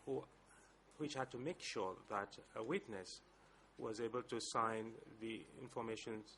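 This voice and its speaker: A male lawyer, addressing a courtroom slowly and formally with some hesitations. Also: mid-range voice, a bit bright, a little hiss or hum. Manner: deliberate, measured speech with hesitations. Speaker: lead co-lawyer for civil parties.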